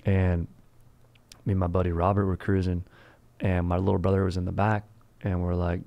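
A man hosts a comedic history podcast. His voice is low and gravelly with plenty of fry. He rambles, swears freely and drops slang constantly. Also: flat delivery, normal speed, long pauses, mellow. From Southern California. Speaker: podcast host.

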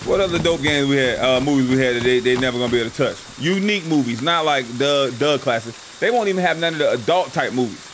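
Animated profane gaming streamer, man. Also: mid-range voice, fast, few pauses, noisy background. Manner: profane, animated trash talk to viewers. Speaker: gaming livestream host. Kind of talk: casual live gaming commentary.

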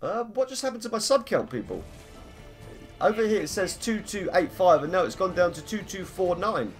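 A man's voice: high-pitched, very animated, moderate pace. Chatty streamer man, faint music. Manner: chatty, rambling, self-mocking, greets viewers by name. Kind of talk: casual live-stream gaming chat.

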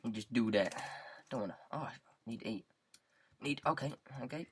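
A man's voice: mid-range voice, fairly quick, pauses often, slight background noise. A man with a British accent giving casual, rambling gameplay commentary into a headset mic, goofing around and repeating words in silly riffs. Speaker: gaming YouTuber.

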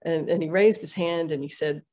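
A middle-aged woman telling a story in a podcast interview, halting with many fillers and restarts. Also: deep voice, mellow. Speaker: interview guest, Ayurvedic practitioner. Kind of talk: conversational storytelling.

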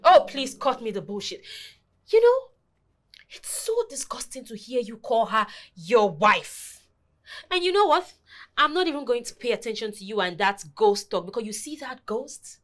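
A fiercely protective Nigerian woman with a high, swooping voice, cutting and sarcastic. She talks down a bully with open scorn. Film score hums faintly behind her. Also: big pitch swings, normal speed, faint music behind. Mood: scornful. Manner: confrontational, sarcastic, sharp. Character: bold, fiercely protective young woman friend. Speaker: protective friend confronting an abusive husband. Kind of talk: film acting.

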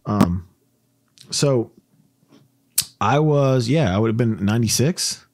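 A man from Tennessee hosting a podcast, telling a rambling, animated story and laughing often. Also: medium pitch, slow, dry recording, clean studio sound. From Tennessee, USA. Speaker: podcast host. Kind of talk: casual storytelling chat.

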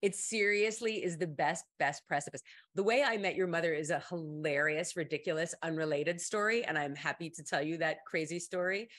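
A middle-aged woman, host of an advice stream, telling a story in a casual chat and jumping into high voices to quote people. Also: a little fast, fairly bright tone.

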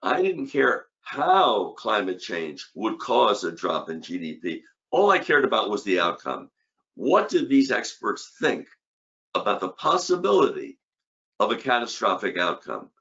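A man's voice: lowish voice, big pitch swings, measured pace, fairly bright tone, muffled recording. An older man giving an academic conference lecture on economics, emphatic, with rhetorical questions and punchy repeated short phrases.

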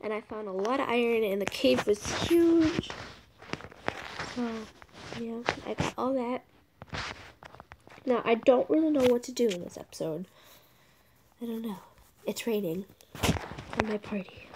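Young woman rambling over gameplay, gravelly. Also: a little high, lively intonation, measured pace, long pauses. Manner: rambling, awkward, drops to whispers. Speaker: game vlogger. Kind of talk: casual gameplay commentary. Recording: noisy home recording.

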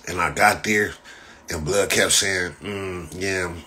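Casting a deep, punchy LA guy: profane, mocking livestreamer who rambles through stories. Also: steady tone, takes it slowly, pushed and bright, slight background noise. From Los Angeles. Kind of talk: casual live-stream chat.

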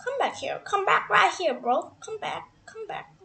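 A young gamer giving casual gameplay commentary, hoarse from screaming and talking in an excitable, dramatic, complaining way. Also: extremely high pitch, a little slow, slight background noise.

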